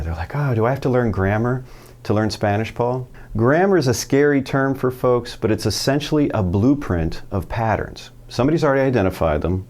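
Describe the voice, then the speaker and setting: Upbeat man teaching Spanish, lowish voice. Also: a little mellow. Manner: upbeat, asks the viewer questions and answers them. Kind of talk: casual video lesson.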